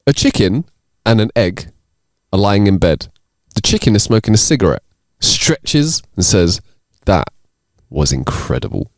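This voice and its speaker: Male podcast co-host, wildly animated pitch, rambling joke delivery, dry close sound. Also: a little slow, dry recording. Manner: very animated, rambling, laughs at own jokes. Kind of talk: casual joke-telling chat.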